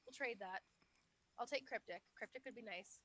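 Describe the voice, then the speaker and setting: High, bright woman joking at a game table. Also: moderate pace. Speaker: player.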